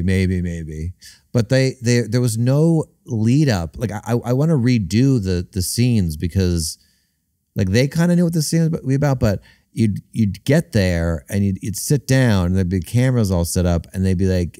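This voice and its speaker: A man talking casually as a podcast guest, halting and restarting a lot, sometimes slipping into funny voices. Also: low-pitched, mellow, dry recording, studio quality. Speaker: comedian guest.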